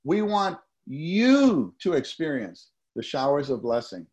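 A man's voice: fairly high pitch, big pitch swings, slow pace, a little mellow. A man preaching a sermon to a gathered congregation, often restarting and repeating words and leading them in spoken responses. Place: meeting hall with a summer-school gathering.

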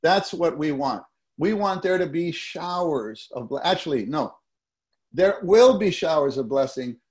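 A man preaching to a congregation, his voice sitting a little high for a man. He often stumbles, restarts and repeats his words, and he leads the listeners in repeating lines back to him. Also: animated, unhurried, darkish tone. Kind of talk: sermon. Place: meeting hall with a summer-school gathering.

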